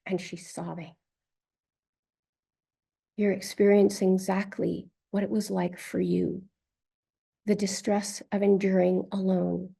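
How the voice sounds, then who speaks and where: Slow, gentle woman with a gravelly voice. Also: medium pitch, level tone. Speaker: therapist narrating a session. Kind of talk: narrated case account.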